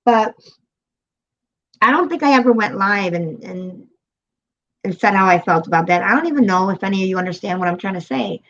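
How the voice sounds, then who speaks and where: A woman's voice: mid-range voice, expressive, a little fast, pauses often. A woman hosting a live stream, chatting casually, rambling and swearing, with frequent laughter. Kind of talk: casual chat. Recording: muffled lo-fi audio.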